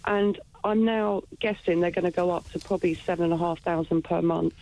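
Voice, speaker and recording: A woman's voice: fairly low pitch, fairly even intonation, a little fast, dark tone, rough recording. Earnest woman caller on the radio. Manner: earnest, agreeing, repeats points. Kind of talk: phone-in call.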